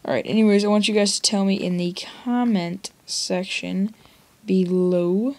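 A woman's voice: medium pitch, steady tone, normal speed, a little mellow. A young woman giving rambling, jokey commentary on her own gameplay and talking straight to her viewers. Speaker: let's play gamer. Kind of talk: casual game commentary.

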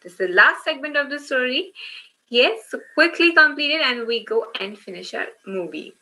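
A woman with a bright, fairly high voice leads children through an online story class. She encourages them warmly in words, asks questions, and keeps checking in with "okay?". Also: lively intonation, moderate pace, rough recording. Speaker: children's workshop teacher.

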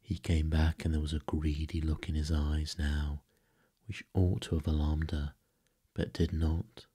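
A man softly narrating a bedtime story in a hushed, breathy way. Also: a bass voice, little pitch movement, unhurried. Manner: soft, hushed, breathy delivery.

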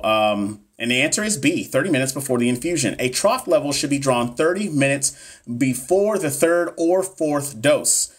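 A man tutoring nurses on a live stream, going through exam questions in a casual, hyped-up way and swearing freely. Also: medium pitch. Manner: casual, profane, hyped-up talk to viewers.

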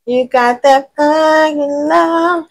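A woman giving a casual tarot reading to a general audience. She thinks aloud, talks in lively slang, swears now and then and often says she does not know. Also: sits high, very slow. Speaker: tarot reader.

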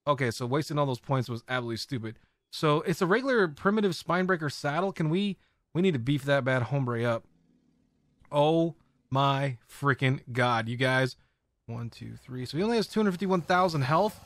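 A man giving casual running commentary as he plays a video game, talking to his viewers and often bursting into excited exclamations. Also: a little high, normal speed, dry recording. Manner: excitable, squeals often, chatty. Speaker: game streamer.

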